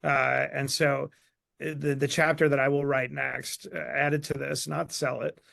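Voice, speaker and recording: A man speaking as an author guest in a live online Q&A, energetic and emphatic. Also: mid-range voice, measured pace, gravelly, dry recording.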